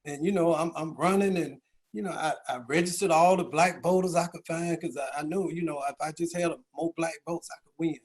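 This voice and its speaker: Man, middle-aged, fairly high voice, speech at a round table, storytelling, rhetorical questions. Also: steady tone, brisk. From Georgia, US. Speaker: county CEO speaking at a business round table.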